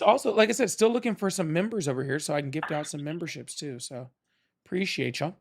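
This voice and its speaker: A man's voice: a little high, expressive, gravelly. A man hosting a live political call-in stream, chatting casually and pressing callers hard. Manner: argumentative, quick to press callers.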